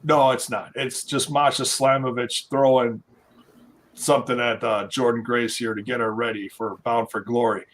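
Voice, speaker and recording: A man co-hosting a casual podcast chat, talking haltingly with many fillers and restarts. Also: mid-range voice, flat delivery. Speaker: podcast co-host.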